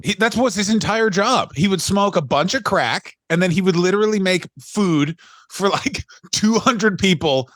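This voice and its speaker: A man co-hosting a podcast in casual chat, animated, swearing and quoting people in his anecdotes. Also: high-pitched, moderate pace, no room sound, studio quality. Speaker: podcast co-host.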